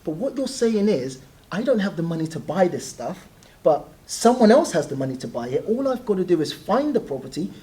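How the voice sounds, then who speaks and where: A young man, a guest telling animated stories in a casual interview and often laughing as he talks. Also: high voice, brisk. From South East London.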